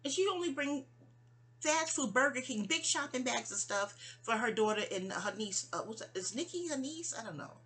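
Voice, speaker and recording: A woman from New York speaking in a rambling, digressive personal monologue addressed to her mother, full of restarts and asides, often dropping soft. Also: fairly high pitch, animated, moderate pace, slightly rough. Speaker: vlogger.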